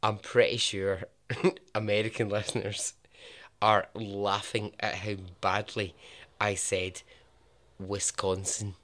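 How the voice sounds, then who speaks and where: A Scottish man hosting a podcast, narrating a true story in a chatty way with jokey asides and a lowered voice for emphasis. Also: little pitch movement, slow, long pauses, fairly bright tone. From Scotland. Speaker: podcast host.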